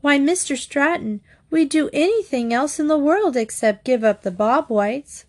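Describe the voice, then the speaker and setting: A woman's voice: high-pitched, unhurried, a little mellow, voice pushed up. A woman voicing an emphatic teenage girl.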